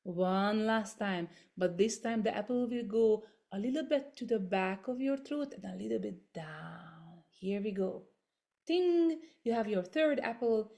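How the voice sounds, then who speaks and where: A woman with a fairly high voice leads voice and body exercises in unhurried, gentle steps, showing each one first. Her English has non-native phrasing, and she comes through a video call. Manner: gentle step-by-step coaching with demonstrations. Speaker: voice workshop leader.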